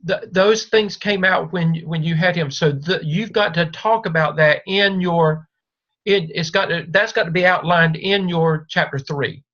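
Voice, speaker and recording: A man's voice: on the high side, unhurried, a bit bright. A man advising a doctoral student one-on-one over a video call, talking in a reassuring, repetitive coaching manner. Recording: dull lo-fi video call audio.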